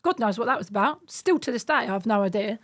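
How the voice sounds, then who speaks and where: A woman in her thirties, a podcast guest, telling stories in a casual, animated way and acting out the voices in them. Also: a little high, quick pace. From United Kingdom. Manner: animated, acts out quoted voices. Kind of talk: casual storytelling.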